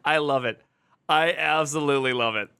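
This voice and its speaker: Bright, excitable streamer man. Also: moderate pace, clear, resonant tone, no room sound, clean studio sound. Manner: joking, excitable, with restarts and pitch jumps. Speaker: streamer reacting to a video. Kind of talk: casual live-stream commentary.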